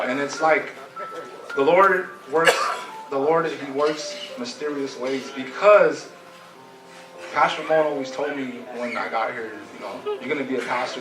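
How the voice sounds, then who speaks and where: A man in a mid-range voice gives his testimony at a church service, stumbling and casual with lots of fillers. The sound is echoey and distant, with music underneath. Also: medium pitch. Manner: halting, fillers, casual street talk. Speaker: church member giving testimony. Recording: roomy hall, mic far off, music behind.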